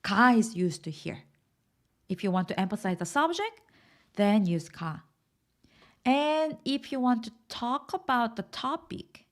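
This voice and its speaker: A woman with a Korean accent teaching grammar in English to learners, patiently repeating example sentences and checking understanding with questions. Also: on the high side.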